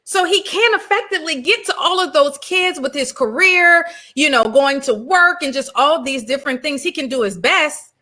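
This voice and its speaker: A woman hosts a panel discussion, loud and emphatic, quick to laugh. Her voice sits high and sounds bright and forceful. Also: lively intonation. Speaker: host.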